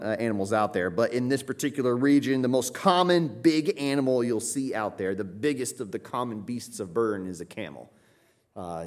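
A man preaching a teaching sermon from the United States, earnest and emphatic, often restarting his sentences. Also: mid-range voice. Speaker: pastor.

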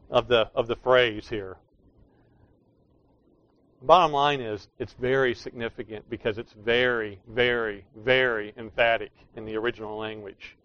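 A man's voice: medium pitch, dry recording, highs cut off. A man preaching a sermon, explaining scripture in an emphatic way that leans hard on key words. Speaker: pastor.

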